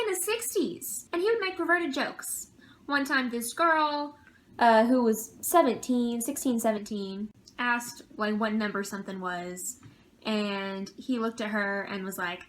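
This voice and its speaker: A young woman with a bright, forceful voice tells a story to her camera. She sits a little higher in pitch than most women and keeps it lively, with indignant edges. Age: young adult. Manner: animated storytelling with indignant outbursts. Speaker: vlogger. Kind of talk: casual storytime vlog.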